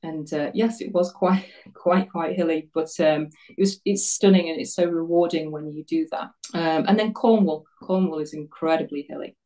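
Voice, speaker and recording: A woman in her fifties chats through her story as an interview guest, self-deprecating and quick to laugh. Her voice sits a little low and sounds mellow and soft-edged. She is picked up from some distance, so she sounds set back from the mic. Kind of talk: casual interview chat.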